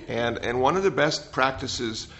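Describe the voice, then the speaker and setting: A man's voice: medium pitch, lively intonation, measured pace. Older man giving a rambling dharma talk. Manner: gentle, rambling, repeats words. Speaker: meditation teacher. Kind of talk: dharma talk with audience questions. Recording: slightly dull sound, faint noise.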